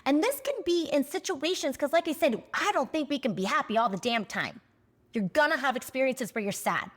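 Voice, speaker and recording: A woman's voice: sits high, animated, fairly quick, a bit bright. A woman in her forties talking candidly to camera in a spiritual vlog, passionate and blunt, swearing casually and getting emotional at times. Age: 40s. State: emotional, near tears at times. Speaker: spiritual vlogger.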